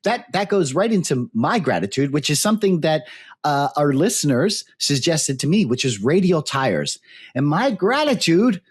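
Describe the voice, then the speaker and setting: A man's voice: fairly high pitch, sing-song, normal speed, husky. A man co-hosting a casual mountain bike podcast, rambling with lots of "like" and "you know". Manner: rambling, heavy use of fillers like "you know" and "like". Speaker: podcast co-host. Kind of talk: casual chat.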